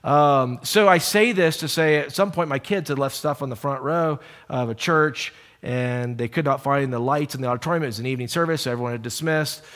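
A middle-aged man preaching a sermon in a church, telling stories with animated energy and speaking in an earnest, hushed way as he prays. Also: mid-range voice, fairly quick, few pauses. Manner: storytelling, animated in anecdotes, hushed and earnest in prayer. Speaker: pastor. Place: church auditorium.

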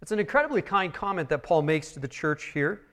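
Going through a text verse by verse, a preacher delivers his sermon in a voice on the high side, very animated and brisk. His delivery moves from quiet earnestness to loud emphasis and back.

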